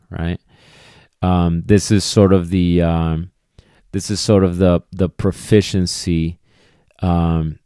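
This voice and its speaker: Low-voiced man giving emphatic podcast talk. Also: warm tone, smooth, no room sound, clean studio sound. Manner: emphatic, conversational, peppered with "okay" and "right"; acts out quoted voices of people and dogs. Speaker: dog trainer and podcast host. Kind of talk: casual solo podcast talk.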